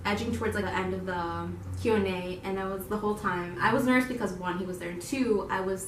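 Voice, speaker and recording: A young woman co-hosting a casual video, telling her story to viewers in an animated, giggly way and quoting herself in excited voices. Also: medium pitch, fast talker, slight background noise. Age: young adult. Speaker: YouTube channel co-host. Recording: roomy echo, voice from a distance.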